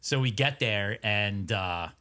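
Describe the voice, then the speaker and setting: A man's voice: lowish voice, slow pace, background noise. A man in his thirties with a Long Island New York accent, telling a long story in casual podcast chat, profane and rambling. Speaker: podcast co-host.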